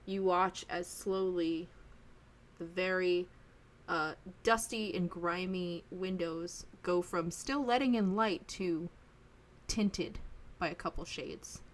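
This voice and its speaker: A woman's voice: on the low side, takes it slowly. A woman narrating a tabletop game as game master in a casual, rambling way full of fillers.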